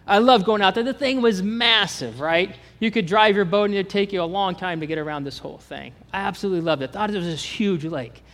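A man from Kansas with a Kansas accent preaching a sermon as pastor, animated and asking the congregation questions. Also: high-pitched, fairly quick, hardly any pauses, long reverb tail.

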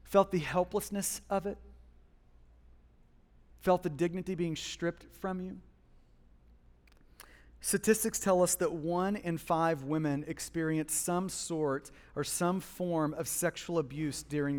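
A man preaching a sermon as pastor, with passionate swings between hushed and loud emphasis, speaking in a church. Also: a little high, takes it slowly, pauses often, big-room sound. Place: church hall.

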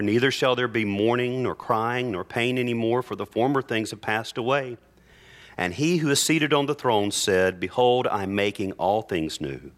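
A male pastor preaching earnestly in church, reading scripture aloud with slow, emphatic phrases. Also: on the low side, a bit bright. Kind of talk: sermon.

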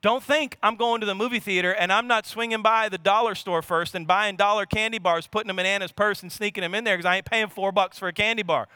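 A man in his thirties, from Louisiana and with a Louisiana accent, preaching an animated sermon. He repeats his points and throws rhetorical questions at the congregation. His voice sits high and bright, and it is recorded dry and close. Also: quick pace, hardly any pauses, clean tone, dry recording. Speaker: pastor.

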